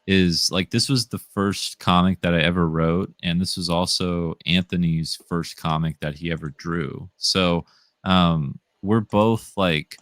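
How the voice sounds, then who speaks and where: Very deep-voiced man, rambling chat. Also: fairly even intonation, a little slow, fairly bright tone, no room sound, clean studio sound. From Midwestern US. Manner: rambling with many fillers. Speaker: comic writer guest. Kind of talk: casual interview chat.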